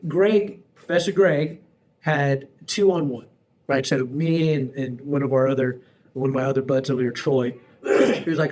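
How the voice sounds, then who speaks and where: A man in his forties hosting a casual podcast chat, telling stories in an animated, slangy way and calling people bro and dude. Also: medium pitch, moderate pace. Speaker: podcast host.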